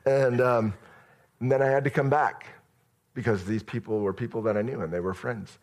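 A man's voice: on the low side, a little fast. A male pastor giving a sermon in a conversational storytelling manner, addressing the church directly.

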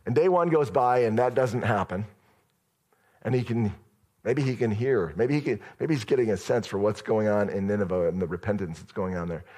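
A man's voice: fairly low pitch, brisk, darkish tone. A male pastor giving a sermon in a conversational storytelling manner, addressing the church directly.

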